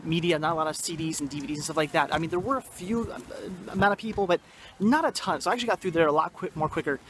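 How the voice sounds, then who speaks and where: Young guy vlogging outside with a handheld cam, kinda high voice, hyped and rambly. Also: noisy background. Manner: enthusiastic, repeats "very cool" and "awesome"; rambling, self-correcting. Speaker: vlog host. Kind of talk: casual vlog narration. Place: outdoors at a yard sale and park.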